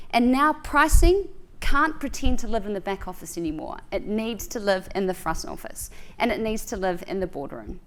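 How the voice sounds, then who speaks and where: A woman's voice: medium pitch, expressive, normal speed. A woman from New Zealand with a Kiwi accent, giving a playful conference keynote full of puns. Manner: punning, playful stage delivery. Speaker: keynote speaker. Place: large conference hall.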